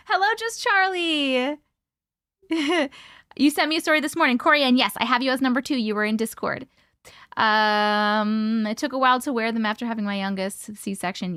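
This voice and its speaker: A woman hosting a casual livestream, reading viewer comments aloud and greeting people by name, playful and quick to laugh. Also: fairly high pitch, fairly bright tone, clean tone, dry recording, studio quality. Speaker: livestream host.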